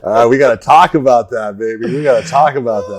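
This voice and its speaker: A middle-aged man co-hosting a podcast, speaking at an ordinary pitch in loose, profane banter. He tells stories with relaxed ease and swears freely, with an easy, conversational energy. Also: fast, a crowd in the background. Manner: profane, storytelling. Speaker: podcast co-host. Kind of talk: casual chat.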